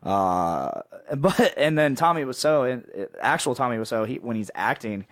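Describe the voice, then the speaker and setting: Male podcast host, middle pitch, rambling casual chat, dry close sound. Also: lively intonation, normal speed, no echo. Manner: rambling, laughing, many restarts.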